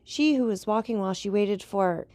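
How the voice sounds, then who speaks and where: A man's voice: high-pitched, normal speed, a little mellow, no echo, voice pushed up, lightly acted. Woman voicing a terrified old steward. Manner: agitated, breathless exclamations. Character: frightened middle-aged male steward, haunted servant.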